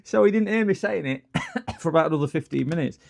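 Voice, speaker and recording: A man's voice: fairly high pitch, animated, quick pace, vocal fry. A middle-aged man, chatting casually and joking with viewers as he hosts a repair livestream. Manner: jokey, rambling, answers chat comments.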